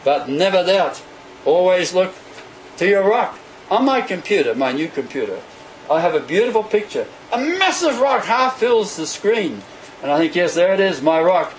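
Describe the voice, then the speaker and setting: High, lively-voiced male preacher. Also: normal speed, a little hiss or hum, rough recording. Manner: animated, acts out quoted voices. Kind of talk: sermon.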